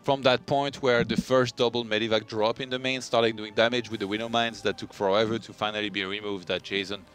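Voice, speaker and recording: A young Frenchman with a French accent breaks down an esports match in a lowish voice. He sounds relaxed and analytical and slips in dry jokes, with faint music playing behind him. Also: fairly quick, few pauses. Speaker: esports co-commentator. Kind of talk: live game analysis, casual banter.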